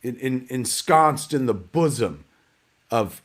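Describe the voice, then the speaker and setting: Slow but animated, a man of medium pitch hosts a live online premiere. He rambles, jokes about himself, and swears occasionally.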